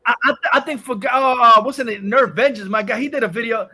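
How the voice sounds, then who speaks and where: Male stream host, very high voice, loud profane rants. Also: fast, husky. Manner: loud, profane ranting with mocking put-on voices. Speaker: livestream host. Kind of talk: profane casual stream chat.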